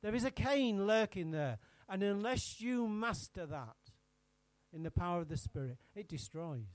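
A man's voice: sits high, expressive, moderate pace, dry recording. A man preaching an interactive sermon, teasing his congregation by name and firing questions at them.

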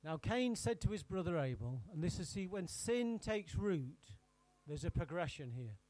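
A man's voice: a little high, sing-song, normal speed, darkish tone, no room sound. A man preaching an interactive sermon, teasing his congregation by name and firing questions at them.

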